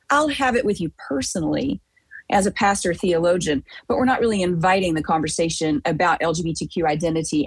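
A woman's voice: mid-range voice, slightly rough, dry recording, low-quality recording. A woman pastor talking firmly and directly in an earnest podcast conversation.

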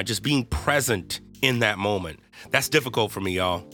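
A man's voice: fairly low pitch, moderate pace, a bit bright, faint music behind. A man hosting a podcast, talking candidly and earnestly about his own struggles, with casual slang and lots of "right?" and "y'all". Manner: earnest and self-deprecating, with loose slang and frequent "right?" and "y'all". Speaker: podcast host. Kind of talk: candid confessional podcast talk.

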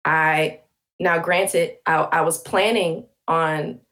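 A woman's voice: low voice, fairly even intonation, slow, fairly bright tone. Passionate, emphatic woman making her point. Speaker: podcast guest. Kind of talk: conversational interview.

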